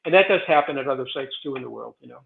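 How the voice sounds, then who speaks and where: A man's voice: mid-range voice, rapid-fire, vocal fry, a little hiss or hum. A man in his sixties, a guest on an interview, telling stories in a rambling, digressive way full of fillers and restarts. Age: 60s. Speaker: guest, president of a historic stone site. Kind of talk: casual interview storytelling. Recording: tinny phone-like remote line.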